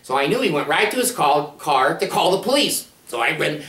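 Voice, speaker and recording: A man's voice: brisk, hardly any pauses. An agitated man ranting in an echoey room. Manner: animated, profane, swings between loud outbursts and low asides. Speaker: video blogger. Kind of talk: angry storytelling rant. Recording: echoey room, far from mic.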